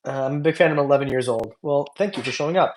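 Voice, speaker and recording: A man's voice: mid-range voice, racing. Tired, rambling livestream host, man. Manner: loose, rambling, joking, many fillers. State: tired after a long stream. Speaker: reptile channel host. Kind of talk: casual livestream chat reading comments.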